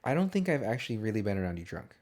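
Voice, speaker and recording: A man's voice: on the low side, big pitch swings, very fast, darkish tone. A man co-hosting a casual movie podcast, talking in a rambling, profane way and laughing often. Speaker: podcast co-host.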